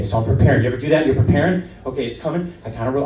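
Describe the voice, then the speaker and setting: A man telling a driving story as stand-up comedy, acting out shouts and asides to the audience. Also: mid-range voice, rapid-fire, roomy sound, recorded from a distance, slight background noise, rough recording.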